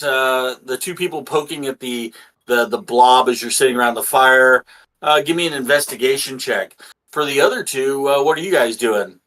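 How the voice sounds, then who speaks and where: A man's voice: mid-range voice, moderate pace, a bit bright, low-quality recording. A man running a tabletop role-playing game as dungeon master, rambling and restarting with lots of fillers.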